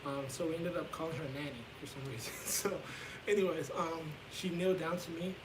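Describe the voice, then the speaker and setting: A man's voice: on the high side, fairly even intonation, fairly quick, very noisy. A young man vlogging a casual storytime from his bedroom, candid and rambling, swearing freely as he talks.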